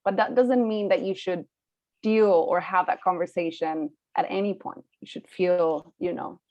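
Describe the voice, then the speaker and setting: A woman's voice: on the low side, fairly even intonation, a little slow, darkish tone, dry recording. A woman co-hosting a live online webinar, talking in a conversational way with some restarts. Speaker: webinar co-host. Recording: dull, dry video call audio.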